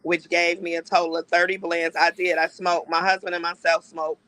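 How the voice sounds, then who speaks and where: A woman's voice: on the low side, level tone, normal speed, fairly bright tone, rough recording. A woman guest on a podcast, a cigar brand owner, speaking frankly with many fillers and restarts. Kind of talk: casual podcast interview.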